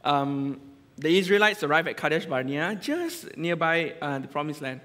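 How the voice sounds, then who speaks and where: Malaysian English male lay preacher, chatty and self-interrupting, slightly raised pitch, recorded with reverb in a church hall. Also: big pitch swings, moderate pace, a bit bright. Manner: chatty, joking, full of restarts. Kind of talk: casual conversational sermon.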